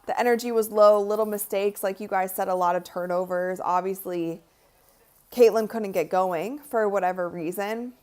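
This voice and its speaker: A woman's voice: mid-range voice, moderate pace, darkish tone. A young woman giving casual live commentary at a watch party, chatty and tired, yawning now and then. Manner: chatty, frequent "like" and "honestly". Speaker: livestream host.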